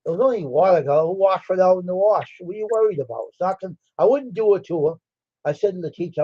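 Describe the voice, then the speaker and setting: A man's voice: high-pitched, quick pace, no room sound. Rambling storyteller man, dull lo-fi. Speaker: livestream host. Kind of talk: casual storytelling.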